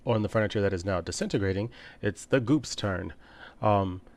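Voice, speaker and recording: A low-voiced man runs a tabletop game on a stream, talking loosely with plenty of ums and uhs. When the scene turns eerie he lowers his voice and slows down, keeping a relaxed flow. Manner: relaxed, many fillers, drops quiet for eerie narration. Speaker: game master.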